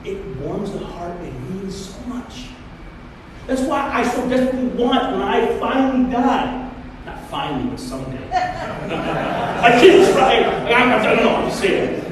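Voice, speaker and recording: High-voiced man preaching in an echoing church. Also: noisy background. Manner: conversational, joking, animated storytelling. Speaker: pastor. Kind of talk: sermon. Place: church hall. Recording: echoey hall, mic far off.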